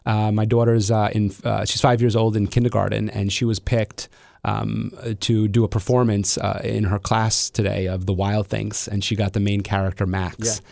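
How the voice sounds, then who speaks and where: Male podcast host, middle-aged, gravelly low voice, dry sound, thoughtful and rambling. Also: little pitch movement, normal speed, darkish tone, no room sound. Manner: reflective, frequent restarts and fillers. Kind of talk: casual interview conversation.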